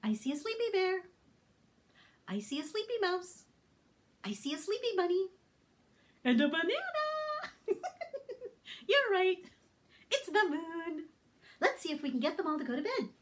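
A woman reads a picture book to toddlers at storytime. Her voice sits high and swoops widely up and down. She takes her time and keeps asking the little ones questions. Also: a little slow, long pauses. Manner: animated, sing-song reading with questions to toddlers. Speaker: children's librarian. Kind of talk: toddler storytime read-aloud.

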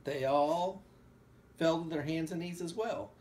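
A man reading a storybook aloud at home to a child, with animated storytelling and quick asides. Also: a little high, slight background noise.

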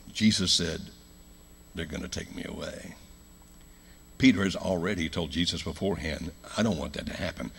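An American man preaching a sermon in a church, telling a story with loud emphatic lines and hushed low ones. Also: vocal fry, a little hiss or hum. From United States.

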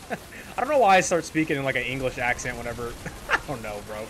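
A gaming channel host comments casually on his own online shooter gameplay, rambling, mocking himself and often repeating himself. His medium-pitched voice is sing-song, fast and fairly bright, with slight background noise, faint game gunfire, and a desk microphone in a squeaky chair.

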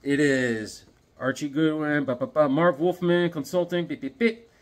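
A man in his fifties chatting casually about comic books to his viewers in a jokey, rambling, excitable way. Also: fairly high pitch, normal speed. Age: 50s. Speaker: comic book vlogger. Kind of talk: casual chat to camera.

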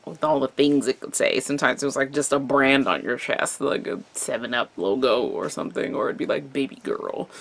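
A woman's voice: extremely low pitch, brisk, creaky, hardly any pauses. A young adult woman vlogger chatting casually through a makeup tutorial, playful and chatty, tossing in little sound effects. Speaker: beauty vlogger.

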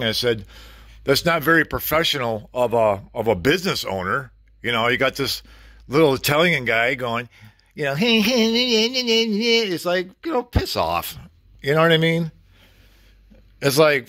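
A man's voice: medium pitch, sharp tone, no echo, clean studio sound. A middle-aged man venting in a blunt, casual vlog rant, swearing freely and talking to the camera. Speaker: vlogger.

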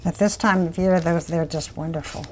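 A woman co-hosting a casual cooking demonstration in a kitchen, enthusiastic and quick to exclaim. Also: lowish voice, steady tone, darkish tone, slight background noise. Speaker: cooking show co-host.

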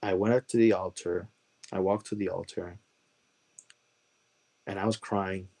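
Guest testimony: earnest man with a lowish voice, emotional, repeats himself for emphasis. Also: fairly even intonation, measured pace, vocal fry, dark tone. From Chicago, USA.

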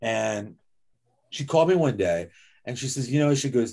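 A man speaking as an author and guest speaker, telling lively personal anecdotes in a conversational way over slides, with many casual fillers. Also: medium pitch, moderate pace, creaky, pauses often. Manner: conversational, lively, with frequent "like" and "you know". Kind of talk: anecdotal storytelling talk with slides.

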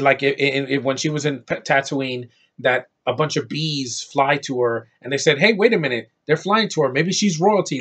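A man's voice: mid-range voice, fairly bright tone, breathy edge. A man giving a blunt, profane, rambling film review rant. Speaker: movie reviewer.

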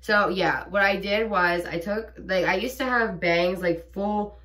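A woman's voice: medium pitch, unhurried, noisy background. A young woman vlogging casually at home, chatty and giggly, rambling with fillers. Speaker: vlogger mom. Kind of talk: casual chat. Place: home bathroom. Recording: voice from a distance.

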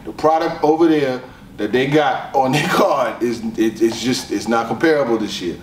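A man's voice: medium pitch, normal speed. Man, casual commentary, rambling, echoey room, distant mic. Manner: laid-back, rambling, laughs often. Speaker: commentator on battle rap. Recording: roomy echo, distant mic, faint noise.

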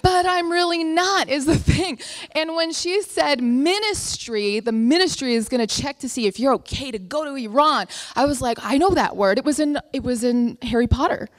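A woman's voice: high voice, expressive, normal speed. A young woman telling a funny story live, acting out her family members' voices.

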